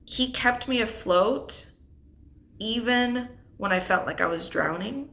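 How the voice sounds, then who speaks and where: Slowly and with an animated delivery, a young adult woman tells her unscripted divorce story on her vlog, holding back tears as she reflects. The single mother's voice is a little high and fairly bright.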